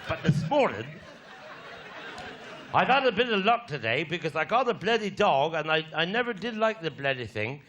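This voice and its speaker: A Cornish man spins saucy country tales on a live stage, his voice pitched high and swinging up and down. Roars of audience laughter and steady noise fill the room around him. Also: normal speed, a faint crowd. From Cornwall, England. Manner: bawdy rural yarn-spinning with heckler put-downs. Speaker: stand-up comedian. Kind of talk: live stand-up storytelling.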